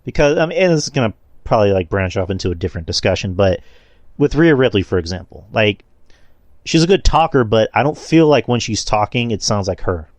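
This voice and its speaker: A man with a fairly low voice shares blunt opinions in casual podcast chat and swears freely as he talks. The sound is close and dry, with no room echo. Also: big pitch swings, fairly quick.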